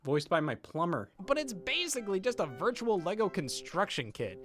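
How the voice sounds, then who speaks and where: A man narrates a comedy video essay in a dry, sarcastic tone, his pitch leaping around as he delivers punchlines. Soft music plays underneath. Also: big pitch swings, moderate pace.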